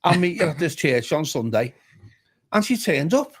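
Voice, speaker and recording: A man's voice: a little high, moderate pace, breathy edge. A man with a Liverpool accent, a pastor telling a story as a guest, acting out each voice he quotes. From Liverpool area, England. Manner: animated, acts out each voice in his stories. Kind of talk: casual storytelling. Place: pub bar.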